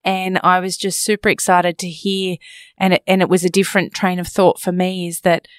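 A woman's voice: lowish voice, flat delivery, moderate pace, no echo, clean studio sound. An Australian woman co-hosting a casual sports chat, upbeat and agreeable. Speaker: podcast co-host.

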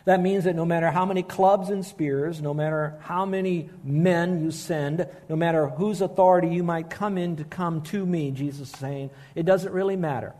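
Emphatic preaching man, mellow tone. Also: a little high, fairly even intonation. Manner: earnest, emphatic, slows down to stress key phrases. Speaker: pastor. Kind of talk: sermon.

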